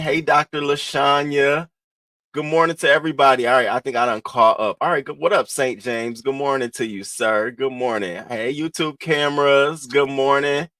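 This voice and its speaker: A man chats on a morning livestream, calling out viewers by name. His voice sits at a middling pitch but swoops upward with excitement. The sound is dry and close, with no room around it. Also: no room sound. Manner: animated, playful, swoops up high when greeting people. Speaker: livestream host. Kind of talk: casual livestream chat greeting viewers.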